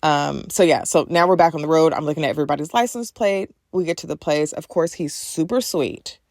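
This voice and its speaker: Low-voiced, gravelly woman telling a story. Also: brisk, a little mellow, no echo, studio quality. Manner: chatty, addresses listeners as "you guys", gets emotional. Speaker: podcast host. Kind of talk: casual storytelling to listeners.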